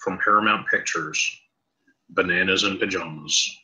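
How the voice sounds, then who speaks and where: A man playing an online card game, reading cards in a deadpan monotone. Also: low voice, low-quality recording. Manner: monotone, slow deadpan delivery. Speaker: player. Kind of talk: casual gaming chat.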